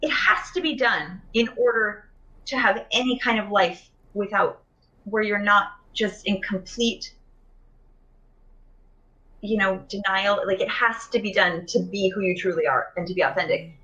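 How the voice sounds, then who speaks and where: A woman's voice: medium pitch, measured pace, sharp tone, muffled recording. A woman in a casual conversation about emotional healing, chatty, with many fillers and restarts, speaking over a video call.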